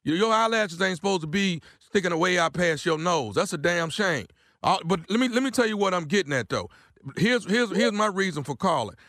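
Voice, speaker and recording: A man's voice: sits high, expressive, brisk, fairly bright tone, no echo, studio quality. A man making a prank call, angry, drawling and repetitive, with cursing. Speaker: prank caller. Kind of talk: heated prank-call argument.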